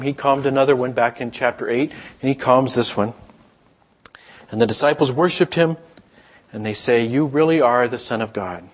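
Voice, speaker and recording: A middle-aged man preaching in an easygoing, storytelling way, his voice a little husky and sitting at an ordinary pitch. He slips into the voices of the people in his stories, chatting with the listeners rather than lecturing them. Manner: conversational storytelling, acts out quoted voices. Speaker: pastor. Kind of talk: sermon.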